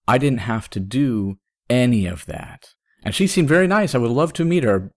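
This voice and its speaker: A man in his thirties, a podcast host, telling a personal story in casual chat, with sudden jumps up in pitch when he quotes himself. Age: 30s.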